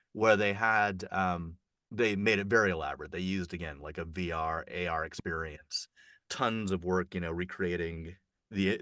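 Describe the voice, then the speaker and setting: A chatty man with a bright, forceful voice, recorded dry and close. He rambles through a festival report with plenty of fillers and restarts. His pitch leaps up when something excites him, though his voice sits fairly low. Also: dry recording. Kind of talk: casual conversational report.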